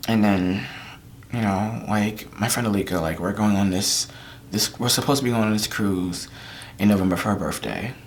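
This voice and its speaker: A man, talking straight to the camera in a raw confessional vlog. He is holding back tears, stops and restarts often, and lets his words fade into near-whispers. A faint hiss sits under the voice. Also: on the low side. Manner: halting, trailing off into near-whispers. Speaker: vlogger. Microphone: camera mic.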